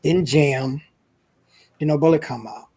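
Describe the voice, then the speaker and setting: A man's voice: a little high, measured pace, dark tone, slightly rough. A man, a guest on an interview show, earnestly telling a personal story in a casual, emotional way.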